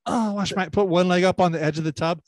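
This podcast co-host has a high-pitched, slightly raised voice with fairly even intonation, and he talks fast through crude, rambling stories, swearing freely. He slips into the voices of people he quotes, and the sound is dry and close with no room sound.

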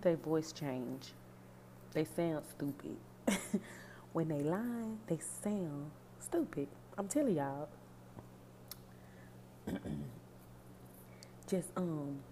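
A woman's voice: fairly low pitch, dark tone, slight background noise. Sassy, profane woman podcaster. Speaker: podcast host. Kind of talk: casual commentary on song lyrics.

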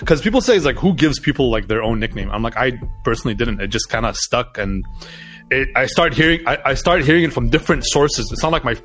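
A man telling stories as a guest in a relaxed podcast interview, voice at an ordinary middle pitch. He talks in loose, run-on phrases and slips into acted-out quotes. Faint music plays underneath. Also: fast talker. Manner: animated storyteller, acts out quoted voices. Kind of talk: casual interview storytelling.

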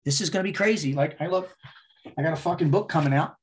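Middle-aged man, guest storyteller; blunt, swears freely, animated, fairly high voice. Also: fast. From United States. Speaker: podcast guest. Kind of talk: casual storytelling interview.

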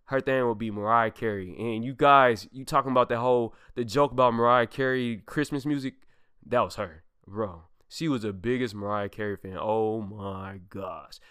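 A man's voice: mid-range voice, moderate pace, fairly bright tone, smooth, no echo, clean studio sound. A young man hosting a podcast, telling heartfelt personal stories in a casual, emphatic way with loose slang, acting out quoted lines. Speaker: podcast host.

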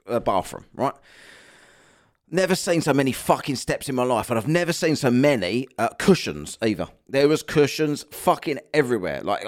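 A man delivers a comic rant in a sweary, exasperated tone, mocking everything he describes. His pitch sits in a middling range but swings widely as he talks, rising and falling with each complaint. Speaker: vlogger.

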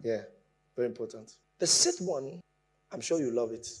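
A man preaching a sermon, explaining with lively emphasis that rises from quiet asides to raised points. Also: mid-range voice, moderate pace, slightly rough.

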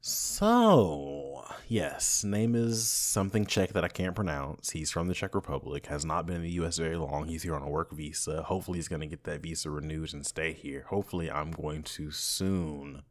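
A young man hosting a podcast, telling a candid, crude story in a casual, animated way with frequent laughter. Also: rumbling low, normal speed. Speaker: podcast host.

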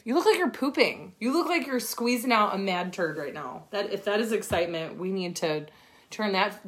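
A woman's voice: sits high, fairly bright tone. A woman coaching her team on a livestream from her phone, talking in a blunt, profane, fired-up way. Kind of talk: livestream pep talk.

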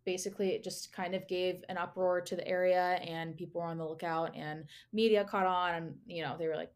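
A woman's voice: on the low side, steady tone, fairly quick, hardly any pauses. A young woman co-hosting a casual podcast, telling a story in a chatty, giggly way, full of fillers and asides. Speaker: podcast co-host presenting the topic.

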